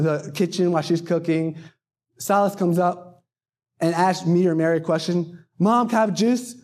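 A man's voice: a little high, darkish tone. A man preaching a sermon in a folksy, rambling way, full of joking asides.

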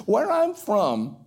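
A male preacher from coastal North Carolina with a Southern accent, delivering a sermon that swings from ringing highs to hushed drops. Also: slightly rough. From Outer Banks of North Carolina.

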